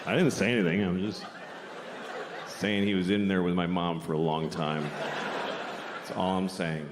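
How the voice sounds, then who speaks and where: A middle-aged man doing a deadpan stand-up comedy set, now and then breaking into loud shouted bits. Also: low voice, normal speed. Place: comedy club stage before a laughing audience. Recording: roomy live club recording, noisy.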